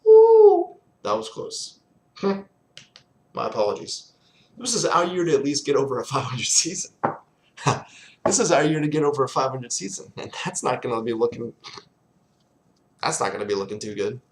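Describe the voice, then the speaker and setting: A man's voice: medium pitch, lively intonation, brisk, pauses often. Profane, exasperated man ranting. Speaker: sports fan vlogger. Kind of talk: casual ranting vlog.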